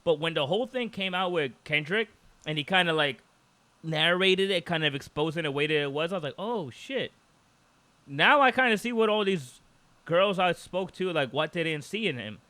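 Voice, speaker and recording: A man chats on a podcast in a bright, forceful voice that sits a little high for a man. He is animated and rambling, with a steady stream of "like"s and restarts. The sound is very dry and close to the mic. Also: a little fast, no echo. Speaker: podcast co-host. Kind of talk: casual podcast chat.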